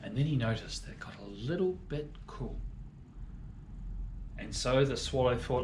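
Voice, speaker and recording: A man reading a story to children, swinging between loud and hushed lines. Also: mid-range voice, animated, normal speed, pauses often, a little hiss or hum. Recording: echoey room.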